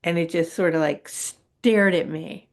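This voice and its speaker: A woman's voice: on the low side, unhurried. A middle-aged woman, a guest on a spiritual talk show, telling her personal story candidly and animatedly, acting out her own past reactions.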